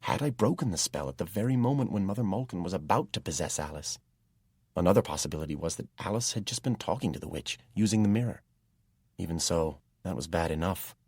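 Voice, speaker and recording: A man with a very deep, slightly husky voice narrates a first-person fantasy story in steady, measured tones. The recording is dry and close, with no room sound. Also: no echo. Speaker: audiobook narrator.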